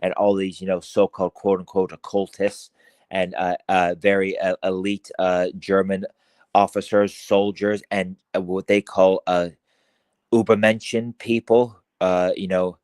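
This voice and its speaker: An Irish man talking as a podcast guest in casual chat, rambling with heavy swearing, halting restarts and fillers. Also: low voice, level tone, a little mellow, smooth, no echo.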